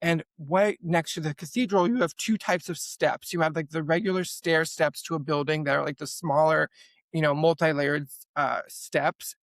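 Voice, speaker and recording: A young man telling a personal story as a podcast guest, animated and full of "like" fillers. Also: fairly high pitch, moderate pace, no echo. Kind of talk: storytelling in an interview.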